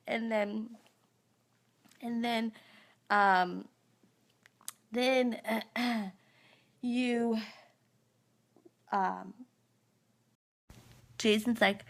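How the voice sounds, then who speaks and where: A woman's voice: mid-range voice, steady tone, slow pace, gravelly, pauses often. A woman in her thirties, groggy after dental surgery, telling a rambling story in a casual live stream. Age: 30s. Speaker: vlogger. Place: live stream recorded on a phone.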